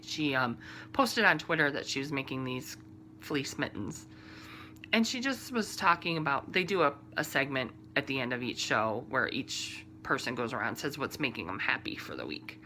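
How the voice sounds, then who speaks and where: A low-pitched woman with a bright, forward tone chats casually as a podcast host at home. She rambles along with fillers and quiet asides, and a faint hiss sits behind her voice. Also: expressive, normal speed. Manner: chatty and rambling, full of fillers and soft asides. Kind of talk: casual chat about books, TV and crafting.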